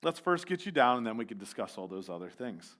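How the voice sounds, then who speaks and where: A man voicing a calm, unhurried God in a sermon story, reassuring a man in trouble. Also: medium pitch, voice pushed down.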